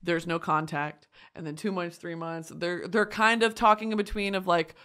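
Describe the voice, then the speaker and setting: A woman vlogger retelling a story casually, swearing freely, laughing and shouting at times. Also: on the low side, normal speed, hardly any pauses, clean tone. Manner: animated, profane, breaks into laughter and shouts.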